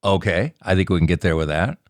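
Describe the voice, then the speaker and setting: A man's voice: low-pitched, expressive, quick pace, a little mellow, no room sound, clean studio sound. A man hosting a podcast, introducing the episode in a playful, teasing way. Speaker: podcast host.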